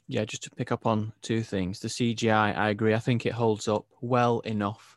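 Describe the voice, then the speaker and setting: Opinionated English film podcast co-host, low voice, dead-dry mic. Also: male voice, moderate pace, no room sound. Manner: animated, opinionated, laughs easily. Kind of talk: casual film review chat.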